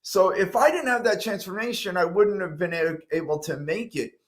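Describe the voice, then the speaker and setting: A middle-aged man speaks with a fairly high, light voice. He tells his story earnestly as a talk-show guest. He gets animated and acts out the things he once said to himself. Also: moderate pace. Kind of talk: interview storytelling.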